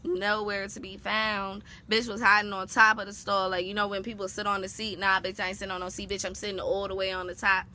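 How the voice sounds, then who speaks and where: A young woman vlogger telling a personal story in a casual, animated, heavily profane and slangy way. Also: medium pitch, a little fast, hardly any pauses, a little hiss or hum.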